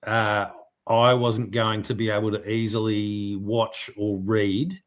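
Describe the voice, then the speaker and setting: Halting, mock-indignant male podcast co-host. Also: fairly low pitch, flat delivery. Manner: mock-indignant, hesitant with many fillers. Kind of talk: casual chat.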